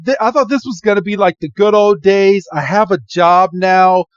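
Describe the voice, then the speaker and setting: Exasperated young man, protesting, high-pitched, as a man does him. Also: moderate pace, no echo, muffled recording, lightly acted.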